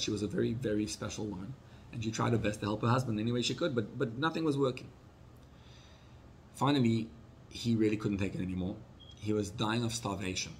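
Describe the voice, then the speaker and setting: A male rabbi telling a story in a sermon, acting out the people he quotes and dropping his voice low for sad moments. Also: a little hiss or hum.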